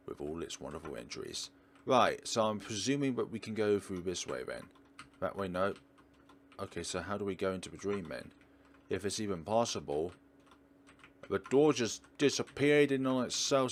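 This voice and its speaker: A man's voice: on the low side, lively intonation, normal speed, slight background noise. A man hosting a let's play, giving chatty, rambling gameplay commentary with jokes.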